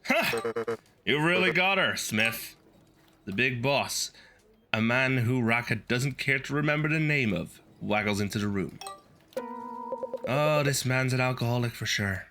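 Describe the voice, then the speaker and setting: A man's voice: mid-range voice, moderate pace, pushed and bright, faint music behind. A male streamer reading a video game's story text aloud and adding wry, sardonic asides.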